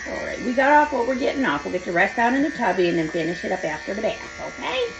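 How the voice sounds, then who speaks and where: A woman dog groomer talks casually to the camera while she works, her pitch leaping into sing-song baby talk for the dog. Electric clippers buzz clearly behind her voice. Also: sing-song, fast, background noise. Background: electric clippers buzzing.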